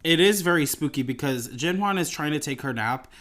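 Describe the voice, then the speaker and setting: A man's voice: on the high side, a little fast. A man co-hosting a podcast, chatting casually about a TV drama, often agreeing with his partner and correcting details. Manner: relaxed, chimes in with agreement and corrections. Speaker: podcast co-host. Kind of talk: casual chat recapping a TV drama.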